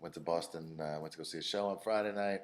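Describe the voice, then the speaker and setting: Laid-back man co-host, very deep voice, rapid delivery, swears casually. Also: steady tone. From Massachusetts. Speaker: podcast co-host. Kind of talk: casual chat. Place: back room of a bar.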